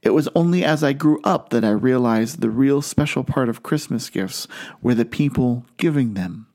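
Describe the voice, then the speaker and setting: A man preaching a sermon in an earnest way, slowing down and lifting his voice on key phrases. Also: medium pitch, warm tone. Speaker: pastor.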